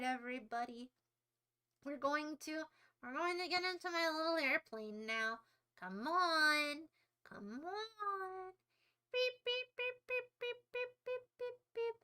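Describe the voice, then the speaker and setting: A young woman hosts a livestream, chatting casually in a melodramatic, mock-despairing style with playful insults. Her voice is high, pushed and bright.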